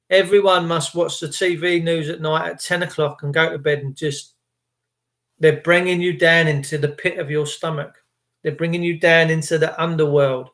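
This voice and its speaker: A man's voice: a little high, a bit bright. A man giving an impassioned, rambling motivational monologue to camera. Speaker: vlogger.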